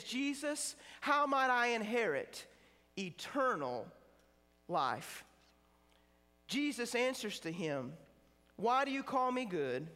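A man preaching a sermon in a chapel, emphatic and slowing down to stress key words. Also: very high-pitched, fairly bright tone. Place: seminary chapel. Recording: chapel with long reverb.

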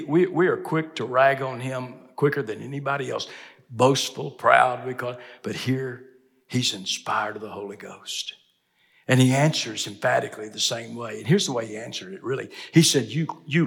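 An older man preaching a sermon in a chapel, emphatic, climbing to loud peaks when he quotes scripture. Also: mid-range voice, normal speed, gravelly. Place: seminary chapel. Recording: long hall reverb.

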